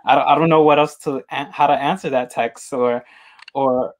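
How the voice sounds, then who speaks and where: A man hosting an interview, talking casually in halting, rambling sentences with many repeated words. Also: mid-range voice, steady tone. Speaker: interview host.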